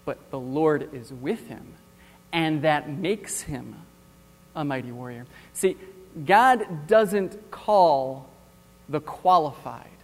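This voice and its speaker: A male preacher giving a sermon, retelling a Bible story in an animated, wry way. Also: on the high side, slow pace, long reverb tail.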